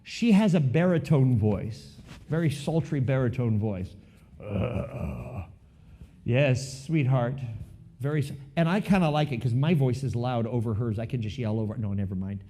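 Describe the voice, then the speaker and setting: A man preaching a sermon in church as pastor, swinging between loud and soft and throwing in joking asides to the congregation. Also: medium pitch, a little fast. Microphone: live stream recording.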